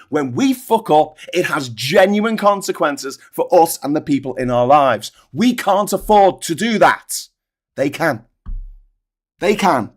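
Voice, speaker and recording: A man hosting a political livestream, ranting angrily and sarcastically with plenty of swearing. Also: a little high.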